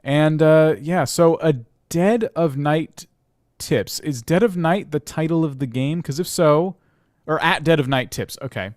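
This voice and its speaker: A man's voice: a little high, measured pace, a little mellow, dry recording, clean studio sound. A man co-hosting a livestream, reviewing channels in an easygoing, advisory way. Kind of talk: livestream casual chat.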